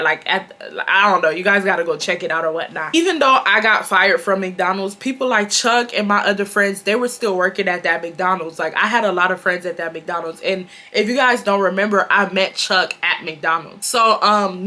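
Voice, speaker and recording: A woman, telling a casual storytime in a chatty, filler-heavy, animated way. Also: mid-range voice. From Houston, Texas. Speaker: YouTuber.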